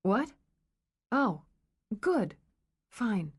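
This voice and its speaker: A woman's voice: medium pitch, very animated, extremely slow, breathy edge, heavily acted. A woman reading aloud, voicing an earnest young woman unsettled by something strange. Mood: shaken.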